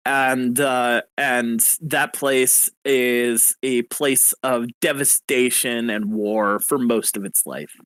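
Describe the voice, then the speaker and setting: A man narrating a tabletop game as game master, unhurried and explanatory. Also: mid-range voice, a bit bright, no echo, rough recording.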